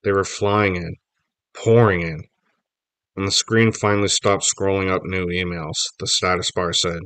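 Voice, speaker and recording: A man reading a children's novel aloud, telling the story lively in first person. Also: low-pitched, measured pace, clear, resonant tone, dry recording. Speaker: audiobook reader.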